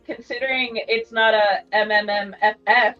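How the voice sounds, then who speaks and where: A woman in casual chat, reacting with laughs in an unhurried way. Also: a little high, steady tone. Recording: dull lo-fi sound with faint music.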